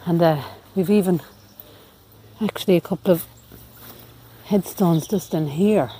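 Woman, outdoor walking-tour vlog, slightly low voice, unhurried, reads inscriptions aloud, handheld camera mic. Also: dark tone, slight background noise. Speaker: vlogger. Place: outdoors in a graveyard.

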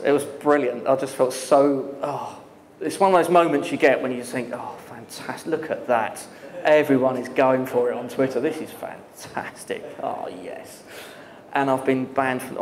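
A man telling a lively story to an audience at a live talk, laughing often and using many fillers. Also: medium pitch, slight background noise. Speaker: guest speaker. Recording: echoey hall with long reverb.

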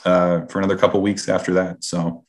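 A young man co-hosting a sports podcast, relaxed and easygoing, hedging his points in casual chat. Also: sits low, a little fast. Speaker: podcast co-host.

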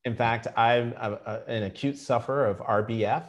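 A middle-aged man telling career stories in an interview, animated and acting out the quotes. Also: mid-range voice, normal speed, dull audio. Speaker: journalist guest. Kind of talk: storytelling interview.

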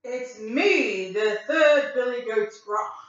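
A woman's voice: on the high side, animated, takes it slowly. Big bold billy goat done by a woman, defiant, echoey room. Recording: echoey room from far off, dull.

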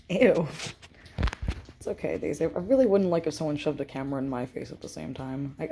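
A woman's voice: low voice, mellow, breathy edge. A young woman filming her cats at home on a phone, chatting to them in playful sing-song baby talk. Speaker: cat owner filming her pets. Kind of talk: casual chat to pets on camera.

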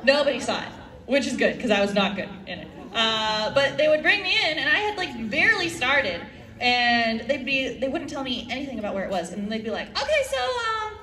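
A woman's voice: fairly high pitch, lively intonation, brisk, bright, forceful tone. Self-deprecating woman on an echoey stage. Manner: self-deprecating, laughs between stories. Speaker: voice actress on a convention panel. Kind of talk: casual panel chat. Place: convention hall stage. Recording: echoey hall, distant mic.

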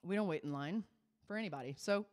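A woman cabaret performer telling a chatty, animated story on stage. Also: fairly low pitch. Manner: chatty, animated, quick asides.

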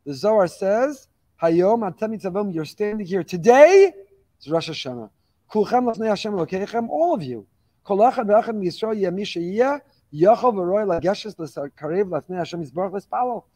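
A rabbi delivering a Torah lecture in a fairly high man's voice. He talks quickly, piling phrase on phrase, and pushes his exhortations with mounting passion. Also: animated, dark tone. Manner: fast-talking, admits reading quickly; impassioned, exhorting with rising emphasis.

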